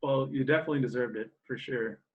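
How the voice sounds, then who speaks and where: A man hosts a relaxed interview, feeling his way through each question with frequent "uh"s. His voice is mid-pitched, and the recording sounds a little dull and lo-fi. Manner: loose, halting questions with many "uh"s. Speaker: interviewer, team staff host.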